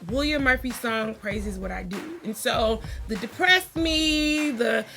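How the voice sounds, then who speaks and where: Animated, bright-voiced woman vlogging. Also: a little high, a little slow, vocal fry, soft background music. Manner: animated, chatty, acts out quotes. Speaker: vlogger introducing her family. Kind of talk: casual storytelling vlog.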